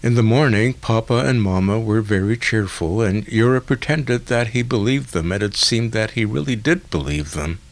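A man narrating a literary story in a measured, deliberate way. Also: mid-range voice, vocal fry. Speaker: audiobook narrator.

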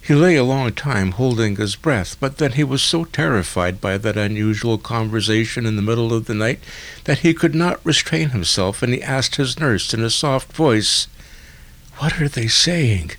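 A man narrating a literary story in a measured, deliberate way. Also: medium pitch. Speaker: audiobook narrator.

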